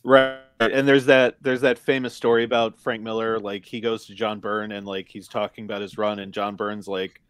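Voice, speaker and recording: A man's voice: lowish voice, flat delivery, moderate pace, few pauses, a bit bright, soft background music. A man chatting casually on a podcast, telling stories in a laid-back way with many fillers. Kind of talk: casual chat.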